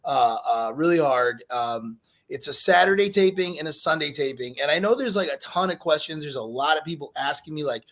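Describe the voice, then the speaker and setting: A man's voice: on the high side, a little fast, hardly any pauses, a bit bright. A man from Chicago hosting a live online show, rambling with lots of fillers and joking. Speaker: host. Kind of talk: casual live show chat.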